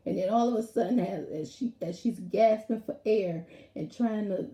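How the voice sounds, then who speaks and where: A woman talks through a TV episode recap at a middle pitch. Her voice is very dark and mellow. She rambles in an animated way and acts out lines from the episode, and the room around her has a noticeable echo. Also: moderate pace. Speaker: TV episode reviewer. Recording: roomy echo.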